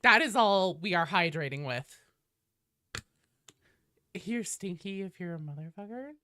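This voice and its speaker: A woman streaming live while sick with a cold, chatting casually and shouting loud, profane greetings to her viewers. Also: on the low side, animated, unhurried, no room sound.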